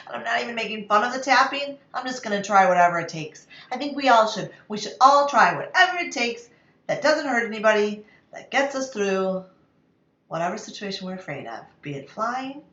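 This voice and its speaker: A woman's voice: a little high, lively intonation, moderate pace, a bit bright, distant mic, lo-fi sound. A woman casually telling a self-mocking story in her kitchen, laughing at herself now and then. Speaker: vlogger. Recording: echoey room, voice somewhat off-mic.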